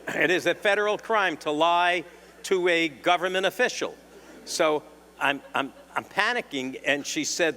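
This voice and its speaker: An older man with a New York accent, a defense attorney telling wry anecdotes to a symposium audience, clearing his throat now and then. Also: fairly high pitch, normal speed, sharp tone. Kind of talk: storytelling talk. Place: lecture hall. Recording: long hall reverb.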